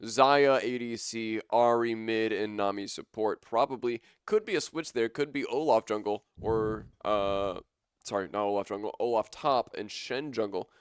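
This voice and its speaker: A man's voice: on the low side, normal speed, smooth, dry recording, studio quality. Casual young male esports caster. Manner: casual, rambling, enthusiastic. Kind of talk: live esports commentary.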